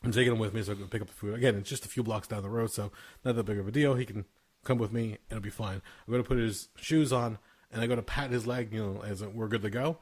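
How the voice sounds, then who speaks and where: A man's voice: fairly low pitch, steady tone, fast, a little mellow. Man telling stories and laughing. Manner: swears freely and laughs through his stories. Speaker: podcast host. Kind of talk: casual storytelling chat.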